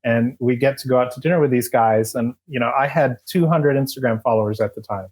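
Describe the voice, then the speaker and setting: A man's voice: mid-range voice, fast, darkish tone. A middle-aged man, a former eBay employee, telling stories as a podcast guest in a loose, rambling way with lots of fillers and restarts. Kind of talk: casual interview storytelling.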